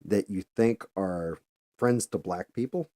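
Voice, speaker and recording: A middle-aged man talks in a loose, profane, rambling way, restarting his sentences as he tells a story. His voice sits very low and dark. The sound is dry and close, with no room around it. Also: measured pace, no room sound. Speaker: podcast host. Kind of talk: casual monologue.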